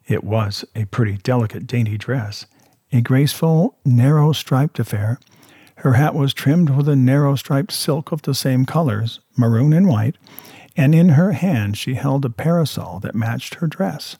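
Guy reading a story out loud, husky and mellow, dry close sound. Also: medium pitch, measured pace, dry recording. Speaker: audiobook reader. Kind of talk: scripted narration.

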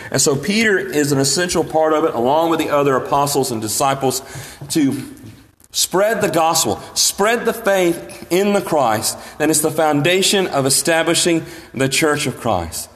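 A man's voice: on the high side, lively intonation, normal speed, a bit bright, big-room sound. A man preaching a sermon in a church, earnest and emphatic, lifting his voice when he quotes scripture. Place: church sanctuary.

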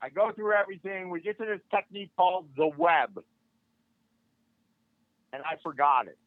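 At a normal speed and in a voice that sits high, an older martial arts instructor narrates a casual story on a podcast. He gets animated and voices the dialogue of the characters himself. The line sounds tinny and phone-like, dry with no room sound.

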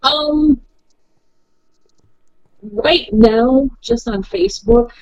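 A woman's voice: high voice, sing-song, extremely slow, creaky, a little mellow, dry recording, poor audio. A woman guest on a podcast, a wrestler, chatting casually with a quirky, joking manner full of puns. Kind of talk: casual chat.

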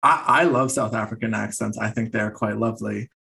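A man's voice: on the low side, fairly even intonation, a little fast, vocal fry, bright, forceful tone. A man hosting an interview, asking casual questions and laughing along with loose fillers. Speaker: interviewer, podcast host.

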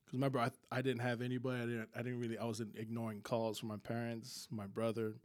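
A man's voice: medium pitch, monotone, fast talker. A man telling a personal story as a podcast guest, talking in casual slang, laughing often and restarting his sentences.

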